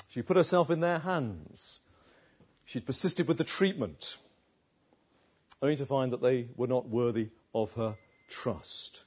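Lively, high-voiced man preaching a sermon. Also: husky, muffled recording. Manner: emphatic, asks rhetorical questions.

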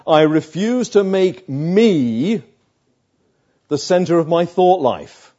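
A man preaching a sermon, slow and emphatic, with dramatic pauses between phrases. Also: fairly high pitch, expressive, dark tone, muffled recording.

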